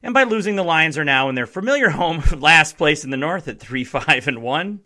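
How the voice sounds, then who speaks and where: Speaking a little high and fairly quickly, a young Wisconsin podcast host with a Midwestern American accent talks sports from his basement. Shouting has left his voice strained and slightly hoarse, and his delivery is excitable, sarcastic and full of emphasis.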